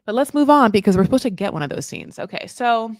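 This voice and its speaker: A woman's voice: on the high side, expressive, fast, no room sound, clean studio sound. Sarcastic woman rambling through a recap. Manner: sarcastic, rambling, profane, lots of "like". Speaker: host of a reality TV recap channel. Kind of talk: casual live recap commentary.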